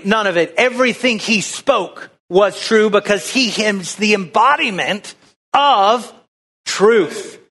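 A pastor with a high, pushed, bright voice delivers a folksy sermon in a conversational style, pulling his congregation into call-and-response.

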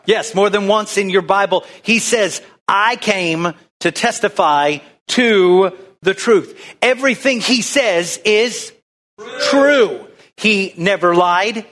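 A man's voice: high voice, slow, a bit bright. A man preaching a folksy, conversational sermon, drawing the congregation into call-and-response. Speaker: pastor.

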